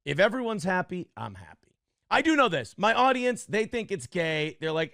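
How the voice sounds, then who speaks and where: Gravelly-voiced man rambling casually. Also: high voice, very animated, moderate pace, fairly bright tone, no echo, clean studio sound. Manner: rambling anecdotes, quoting others in conversation. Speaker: streamer host. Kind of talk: casual chat.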